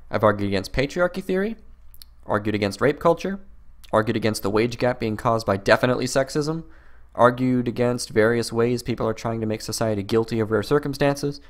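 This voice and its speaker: Sarcastic man with a lively voice. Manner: mocking, exasperated, mimics opponents in high voices. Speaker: commentary video host. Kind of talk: sarcastic rebuttal commentary.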